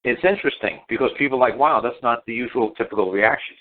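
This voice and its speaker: A man's voice: medium pitch, quick pace, slight background noise. Man, middle-aged, talk show guest, rambling and repetitive, profane, phone-line sound. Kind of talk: casual storytelling on talk radio.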